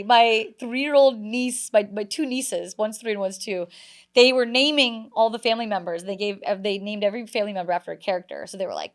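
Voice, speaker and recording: A woman in her thirties, a comedian guest on a podcast, telling stories in a lively way with many fillers. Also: medium pitch, brisk. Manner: animated storyteller, many "like" fillers. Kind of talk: casual podcast interview.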